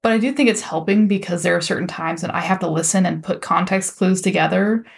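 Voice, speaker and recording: A woman's voice: fairly low pitch, quick pace, gravelly. A woman co-hosting a casual podcast chat, making dry joking asides. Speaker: podcast co-host.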